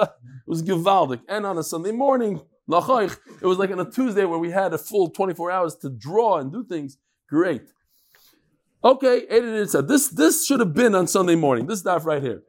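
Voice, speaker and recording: A high-pitched man teaches a live daily Talmud class, speaking fast and animatedly. He restarts his sentences often and drops in Hebrew terms.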